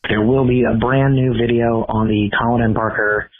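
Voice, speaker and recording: A man leaving a recorded voicemail as a caller, talking briskly with a few ums. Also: medium pitch, fairly even intonation, noisy background. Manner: brisk, a little rambling with ums. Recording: tinny phone-line voicemail.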